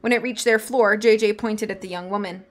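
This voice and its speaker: A woman's voice: mid-range voice, fairly even intonation, fairly quick, faint music behind. A woman reading a storybook aloud on a live stream, chatting with her viewers in between.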